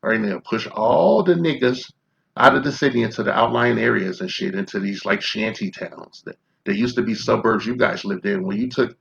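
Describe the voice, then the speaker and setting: A gravelly-voiced man in his fifties from Chicago, delivering a confrontational, profane commentary rant that is heavy on rhetorical questions. His voice sits in a middle pitch range and carries a rough, creaky edge. The recording sounds dull and lo-fi. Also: brisk, slight background noise. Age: 50s. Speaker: commentary vlogger. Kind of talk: ranting commentary.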